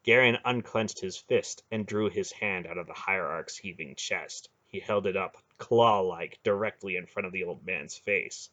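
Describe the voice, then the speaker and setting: A man narrating a fantasy audiobook in a lively, expressive reading. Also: sits low, moderate pace, few pauses. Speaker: audiobook reader. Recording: dull lo-fi home recording.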